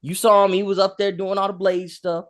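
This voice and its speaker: A man joining a casual movie podcast chat, joking in quick, slangy banter. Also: high-pitched, little pitch movement, a bit bright. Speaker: podcast co-host.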